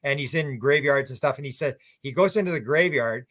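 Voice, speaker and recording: A man's voice: medium pitch, a little fast, fairly bright tone. A man guest on a radio talk show, telling rambling anecdotes with many restarts. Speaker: UFO researcher guest. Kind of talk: casual radio interview chat.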